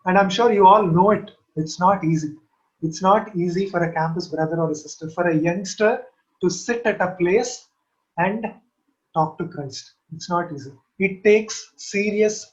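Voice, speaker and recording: A man with a high voice teaches in an earnest sermon style. He urges his listeners on and comes back to the same phrases again and again. The sound is dull and lo-fi, like audio from an online call. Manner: earnest, repeats key phrases to exhort. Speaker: Christian teacher.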